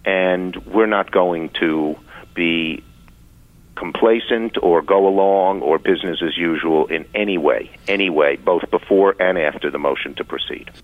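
A man speaking as a politician, firm and measured, played from an archive clip. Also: deep voice, no echo. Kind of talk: political statement. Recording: phone-like archive clip, dry.

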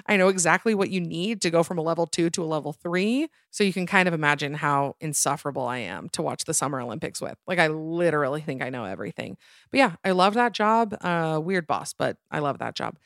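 A young woman in her twenties tells her work stories as a casual podcast host. She is animated and chatty, and keeps dropping in "like". Her voice sits low, and the recording is close and dry with no room sound. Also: fast talker, vocal fry, no echo. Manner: chatty, animated, lots of "like" fillers. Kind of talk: casual storytelling.

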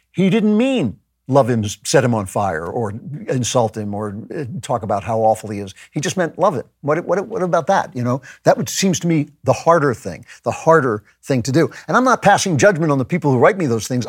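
A man's voice: medium pitch, breathy edge, dry recording, studio quality. A man hosting a podcast, speaking in a reflective, conversational monologue with frequent restarts. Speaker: podcast host.

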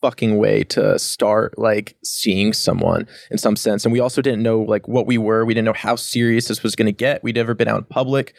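A man as a podcast guest, telling his story in a halting, casual way with many fillers. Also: on the low side, steady tone, vocal fry, no echo, clean studio sound. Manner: halting, lots of 'like' fillers.

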